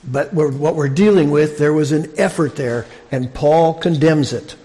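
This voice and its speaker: A man preaching a sermon in a conversational, halting way, often restarting his sentences. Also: a little high, dark tone. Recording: long reverb of a large hall.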